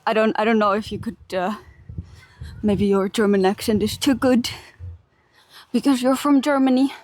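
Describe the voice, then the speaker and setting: Young finnish girl walking a park on stream, giggly, talks to chat, a bit high pitched. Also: fairly even intonation, moderate pace, darkish tone, no echo. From Finland. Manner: chatty, giggly, reads and answers chat while walking. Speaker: IRL streamer. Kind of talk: casual live-stream chat. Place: large park outdoors.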